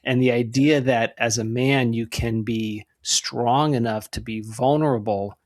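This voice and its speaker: A man's voice: mid-range voice, fairly even intonation, measured pace. A man hosting a podcast interview, talking conversationally, affirming his guest and telling stories before asking questions. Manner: conversational, affirming, storytelling asides. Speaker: podcast host.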